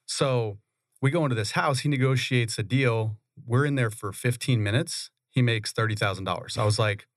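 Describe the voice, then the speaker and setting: A man, a real estate investor, telling his story in a relaxed, conversational way in a radio studio. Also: mid-range voice, normal speed, no echo. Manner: relaxed, conversational, laughs often. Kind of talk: interview storytelling.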